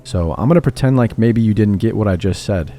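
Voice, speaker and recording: A man voicing a big, gentle young man who speaks firmly and bluntly, within a story narration. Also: lowish voice, a little fast, slight background noise, close to an everyday voice.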